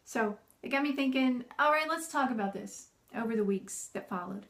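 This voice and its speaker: A homeschooling mom chats casually to the camera in a slightly high voice at a moderate pace. Animated and laughing often, she acts out the bossy and cheerful voices she uses with her kids.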